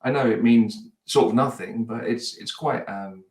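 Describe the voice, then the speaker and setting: A man's voice: medium pitch, moderate pace, a little mellow. A man chatting casually as a podcast guest, rambling and hesitant, with many restarts. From United Kingdom. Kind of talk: casual chat. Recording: roomy, distant mic.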